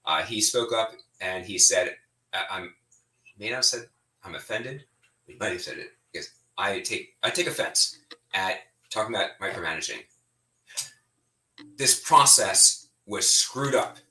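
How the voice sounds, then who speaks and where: A man's voice: deep voice, moderate pace, roomy sound, far from the mic, rough recording. A middle-aged man giving an informal spoken update as a state representative, blunt and getting heated as he talks. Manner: animated, heated, speaks bluntly.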